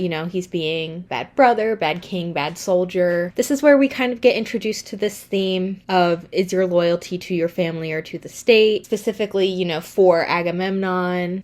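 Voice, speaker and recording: A young woman chatting casually in a book review, slangy and self-deprecating. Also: lowish voice.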